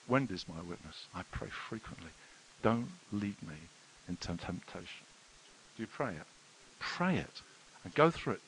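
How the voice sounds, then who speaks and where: Animated male preacher. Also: mid-range voice, poor audio. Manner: animated storytelling with sudden loud exclamations and hushed passages. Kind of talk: sermon. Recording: faint hiss.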